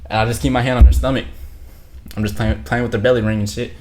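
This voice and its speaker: A young man telling a story from his own life as a streamer, rambling, slangy and repeating himself, sometimes dropping to a hushed low voice. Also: flat delivery, fast talker. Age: young adult. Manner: drops to a hushed low voice for spicy parts. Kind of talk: casual storytelling.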